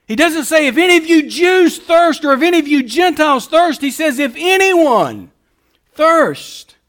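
A man preaching a sermon, moving between quiet, explanatory passages and loud, emphatic calls. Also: extremely high pitch, a little fast. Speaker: pastor.

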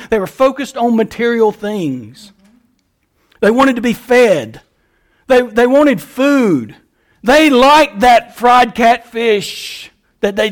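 High-voiced folksy preacher man. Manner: folksy preaching, rising emphasis. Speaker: pastor. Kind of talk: sermon.

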